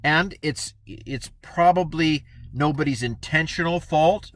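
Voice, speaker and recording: A man's voice: medium pitch, animated, moderate pace, a bit bright, no room sound. A man giving a casual Bible lesson in a chatty, playful way, acting out the people he quotes. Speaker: Bible teacher.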